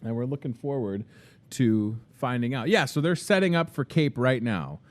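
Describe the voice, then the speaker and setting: A man's voice: medium pitch, lively intonation, moderate pace. A man hosting a live local morning show, chatting casually and upbeat into a handheld microphone. He keeps things loose, tossing asides to the crew between plugs. He is recorded inside a grocery store.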